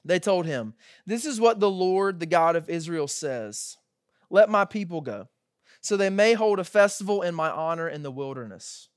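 A man in his thirties preaching a sermon in a conversational, animated way, acting out quoted voices as he tells the story. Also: high-pitched, moderate pace, clear, resonant tone, no echo, clean studio sound. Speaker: pastor.

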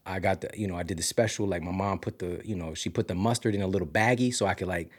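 A man from Missouri hosting a podcast, telling a story casually with big swings from loud to hushed. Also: low voice, fast. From Missouri, USA. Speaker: podcast host.

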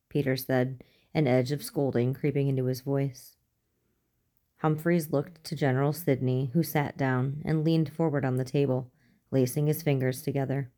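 A woman narrating a story aloud in a steady, even manner. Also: extremely low pitch, normal speed. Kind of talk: audiobook reading.

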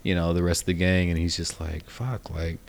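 A man's voice: low voice, completely flat delivery, fairly quick, gravelly. A man in casual podcast chat, animatedly retelling a cartoon episode, acting out lines in raised voices and swearing casually.

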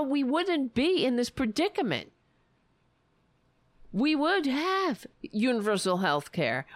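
A woman's voice: high-pitched, dry recording. A woman giving an angry, sarcastic political rant, swearing freely and muttering to herself between points. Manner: profane, sarcastic, muttering asides while searching. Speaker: political commentator.

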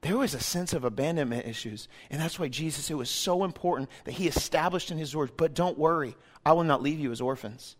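A man with a high-pitched voice delivers a sermon. He rises to emphatic, forceful peaks and then falls to quiet, intimate passages. He plays out quoted dialogue in a loose, joking tone. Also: fairly quick, few pauses. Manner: swings from loud and emphatic to hushed and intimate. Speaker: pastor.

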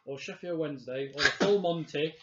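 A man with a Yorkshire accent co-hosting a casual chat, halting and opinionated, often restarting. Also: fairly high pitch, very noisy. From England. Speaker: podcast co-host. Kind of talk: casual chat reviewing wrestling. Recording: roomy, slightly dull sound.

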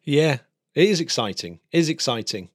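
A man's voice: fairly high pitch, sing-song, moderate pace. A man hosting a casual podcast, chatty, laughing easily and often restarting his sentences. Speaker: podcast host.

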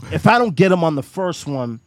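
Animated, profane male storyteller. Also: on the high side, brisk, no echo. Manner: animated, profane, laughing often. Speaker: guest storyteller. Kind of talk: casual podcast storytelling.

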